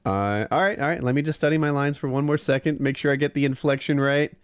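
A man's voice: fairly high pitch, quick pace, smooth, dry recording, clean studio sound. A young man hosting a casual, crude chat, joking and laughing often.

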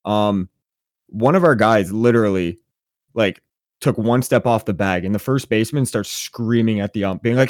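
A man co-hosting a casual sports podcast, telling animated, profane stories and venting with gusto. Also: lowish voice, moderate pace, no echo, studio quality. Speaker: podcast co-host.

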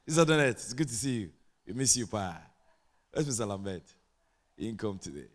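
A man preaching a sermon as pastor, chatting with the congregation and building to loud sing-song preaching. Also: on the low side, animated, normal speed, pauses often. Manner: asks the congregation for responses.

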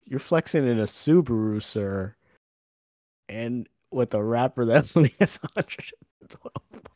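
A young man co-hosting a sports podcast, speaking in a soft, halting, wry way. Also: medium pitch, animated, no echo, clean studio sound. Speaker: podcast co-host. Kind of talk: casual sports chat.

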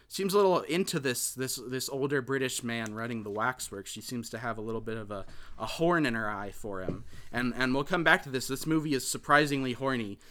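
A podcast host recaps a film's plot in loose, casual chat, rambling and hesitant with many fillers and restarted sentences. His mid-range voice is bright and forceful, smooth, crisp and clear, and a little fast.

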